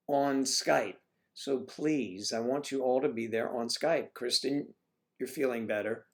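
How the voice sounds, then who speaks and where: A man's voice: medium pitch, slow pace. A man hosting a casual livestream, chatting in a rambling way with lots of asides to his viewers. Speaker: livestream host. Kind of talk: casual chat.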